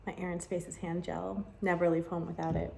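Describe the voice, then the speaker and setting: A woman's voice: lowish voice, level tone, normal speed, gravelly, mellow, reverberant, a little hiss or hum, low-quality recording. A young woman vlogging casually at a winery tasting, chatty and gushing with lots of "like"s. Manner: bubbly, gushing, chatty with many "like"s. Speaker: travel vlogger. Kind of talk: casual vlog chat.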